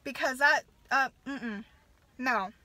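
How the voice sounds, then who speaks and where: With a high-pitched, sharp voice, a woman in her thirties from the United States, a nurse and a mother, vents her anger to the camera. Her rant is profane and halting, full of restarts, and the audio is poor.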